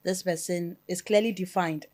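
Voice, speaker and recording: A woman with a Ghanaian English accent, a software developer on a panel, answering thoughtfully and checking in with "You get it?". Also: fairly low pitch, fairly even intonation, moderate pace. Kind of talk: panel discussion.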